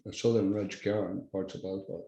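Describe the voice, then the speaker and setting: Older Irish man, mellow halting voice. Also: sits low, fairly even intonation, vocal fry, roomy sound, rough recording. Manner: halting, restarts sentences, blunt with swearing. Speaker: podcast guest. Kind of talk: casual conversational interview.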